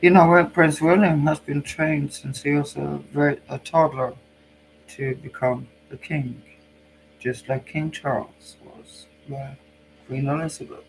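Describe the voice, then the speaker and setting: Slow-talking Norwegian man with a cold. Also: on the high side, steady tone, vocal fry, a little hiss or hum, low-quality recording. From Norway. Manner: musing, hesitant, thinks aloud. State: has a cold. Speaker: psychic channel host. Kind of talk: tarot card reading.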